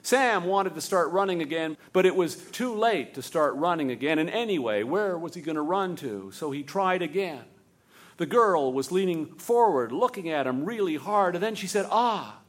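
A man narrating a story in a steady, vivid storytelling manner. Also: on the high side, normal speed.

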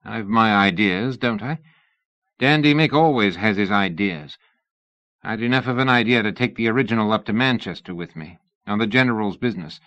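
A man voicing a sly, cocky young male dandy who talks smoothly, in an audiobook reading. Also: on the low side, normal speed, fairly bright tone, no room sound, dull audio, close to an everyday voice.

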